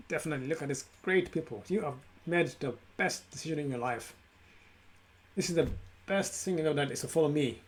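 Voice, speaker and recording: A man's voice: a little high, fairly quick, slight background noise. A man hosting a live stream, thanking his followers at length and stumbling over their names. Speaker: host.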